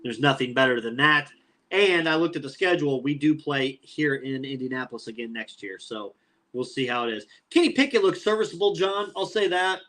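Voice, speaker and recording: A man's voice: fairly high pitch, a bit bright. A man in his thirties co-hosting a sports podcast, talking trash about a rival team's fan in casual chat. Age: 30s. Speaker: podcast co-host.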